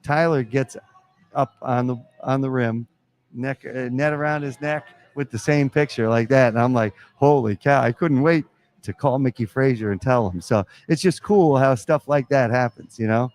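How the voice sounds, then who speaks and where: A man who coaches college basketball, telling lively stories in a live podcast interview at a pizza restaurant. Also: medium pitch, normal speed. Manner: animated storyteller acting out quotes.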